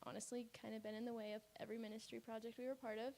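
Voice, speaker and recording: A woman's voice: a little high, flat delivery, racing, gravelly, darkish tone, slight background noise. A woman giving a casual, chatty slideshow report on a mission trip, laughing often as she talks. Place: church sanctuary. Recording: reverberant church hall.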